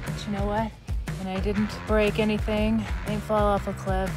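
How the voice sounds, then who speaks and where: Here an adventure vlogger in a mid-range, level-toned voice talks casually to the camera at a moderate pace. She's breathless and exasperated as she shoves her bike up a steep mountain trail, occasionally swearing, while music plays behind her.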